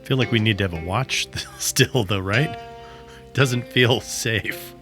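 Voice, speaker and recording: Low voiced guy at a tabletop game, casual and rambly. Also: a little slow, music in the background. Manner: loose, rambling with fillers. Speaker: player.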